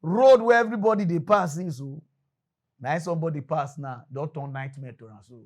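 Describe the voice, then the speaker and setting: A Nigerian-accented man rattles through comic commentary in a slightly raised voice. He is animated, laughing often and acting out the people in his stories. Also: fairly high pitch, a little fast. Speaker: comedy commentary host. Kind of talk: comic mock-news commentary.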